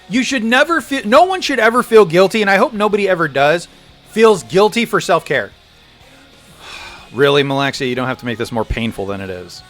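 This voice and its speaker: High-voiced guy streaming a game, super animated, swears a lot, faint music behind. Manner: animated, swears, laughs often, breaks into loud outbursts. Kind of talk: casual gaming stream chat.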